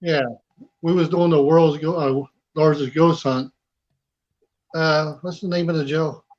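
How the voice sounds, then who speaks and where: Plain-spoken man, somewhat high, lo-fi. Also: steady tone, a little slow, a little mellow. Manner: plain, loose conversational grammar. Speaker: paranormal investigator guest. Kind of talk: casual storytelling on a podcast.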